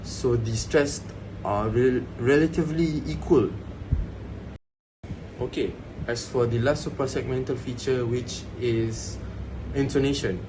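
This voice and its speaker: A male student presents a class talk on pronunciation, stopping to repeat sample phrases slowly. His pitch sits at an ordinary middle level. A clear hum of background noise runs under his voice throughout. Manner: explains then repeats example phrases slowly.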